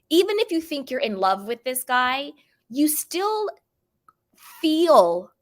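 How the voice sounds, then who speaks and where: A woman's voice: sits high, a bit bright. A young adult woman hosting casual reality TV gossip commentary, chatty and emphatic, often repeating phrases for emphasis. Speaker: pop culture commentator.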